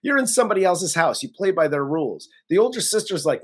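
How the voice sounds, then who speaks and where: A male co-host of a movie review show recaps a plot in a casual chat, laughing often, swearing plenty, and giving blunt opinions. His voice sits high with big pitch swings and a quick pace.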